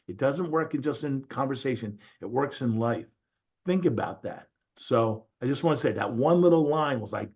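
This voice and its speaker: A man in casual group call talk, an animated storyteller in real estate who quotes others as he goes. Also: mid-range voice, gravelly, slightly rough, lo-fi sound.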